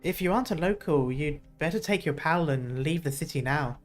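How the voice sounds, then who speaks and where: A woman voicing a brash young female soldier in a game, with a loose put-on Scottish-style accent and a gruff, plainspoken manner. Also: low-pitched, expressive, fairly quick, faint music behind. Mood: blunt. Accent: loose put-on Scottish mix. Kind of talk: reading game dialogue aloud.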